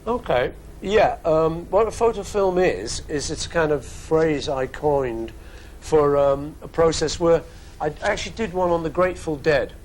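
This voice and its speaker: A man's voice: a little high, a little slow, slight background noise, rough recording. A man in his fifties with a Liverpool accent answers fan questions in a casual studio webcast, chatty and joking with wandering asides. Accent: Liverpool English. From England. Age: 50s.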